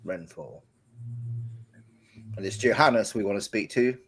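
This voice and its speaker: A man playing a tabletop game, answering in a dry, teasing way and asking practical questions. His voice sits fairly low. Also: measured pace, fairly bright tone, breathy edge. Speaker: player.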